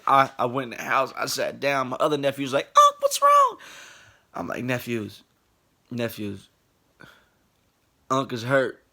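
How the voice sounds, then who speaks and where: A man in his late twenties telling a funny personal story in a casual, animated way, laughing and acting out the people in it. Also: medium pitch. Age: late 20s.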